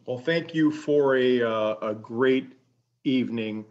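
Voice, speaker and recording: A man's voice: medium pitch, slow pace, darkish tone, muffled recording. A man hosting, giving hesitant closing remarks with fillers. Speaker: host.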